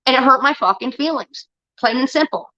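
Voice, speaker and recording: High bright-voiced woman, angry profane streamer rant, dry and slightly dull sound. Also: a little fast, dry recording. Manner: profane, heated, defensive. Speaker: livestreamer. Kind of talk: angry ranting monologue.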